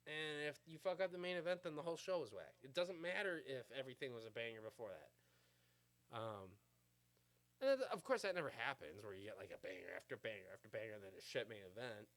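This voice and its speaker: Brisk and lively in intonation, his medium-pitched voice carries a fairly bright tone. The speaker is a vlogger in his thirties who rambles through a casual on-camera rant, full of profanity and "uh"s and "like"s.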